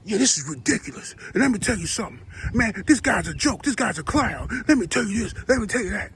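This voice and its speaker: A man's voice: high voice, sing-song, fast, slight background noise, pitched above the performer's own voice, heavily acted. Guy doing a over-the-top preachy pundit bit, big man voice, mocking. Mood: mock outrage. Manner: mocking, exaggerated, swinging from loud ranting to fake somber. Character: bombastic male sports pundit, middle-aged, preachy.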